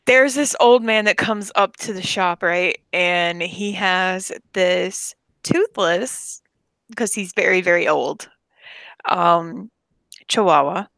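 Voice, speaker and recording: A chatty woman rambling through casual talk, her voice carrying a gravelly, fry-laden edge. The sound is dry and close, with no room around it. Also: on the low side, takes it slowly, fairly bright tone, no room sound. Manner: rambling, chatty, lots of fillers. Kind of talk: casual chat.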